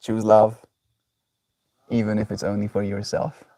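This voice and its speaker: Male streamer, lowish voice, reflective and affectionate, dry sound a little off mic. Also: little pitch movement, measured pace, warm tone, no room sound, distant mic. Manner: reflective, repeats "right?", effusive affection. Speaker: daily livestreamer. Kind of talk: casual spiritual livestream talk.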